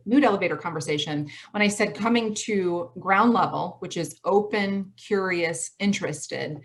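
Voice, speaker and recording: A woman in her forties from Michigan with a Midwestern accent gives a motivational talk over a video call from home. She talks fast, stresses her points hard and repeats her key phrases. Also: on the low side. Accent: Midwestern American. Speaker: college president giving a talk.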